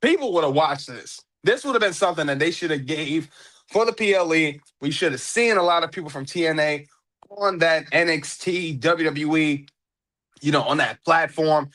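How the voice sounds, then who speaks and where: A young adult man hosting a podcast, chatting casually and excitably about wrestling, repeating himself and laughing often. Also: on the high side, moderate pace. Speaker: podcast host. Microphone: podcast mic.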